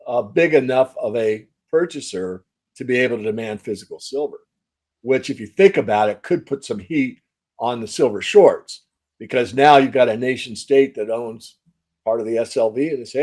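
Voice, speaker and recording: A man's voice: medium pitch, moderate pace, a little mellow. A man answering interview questions as a metals analyst, talking in a conversational and emphatic way. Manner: conversational, emphatic, with fillers and restarts.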